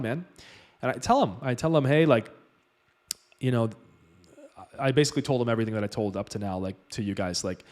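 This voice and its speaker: Man telling a story, lots of fillers. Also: mid-range voice. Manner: loose, filler-heavy retelling, says like and you know. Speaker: vlogger. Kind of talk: casual storytelling to camera.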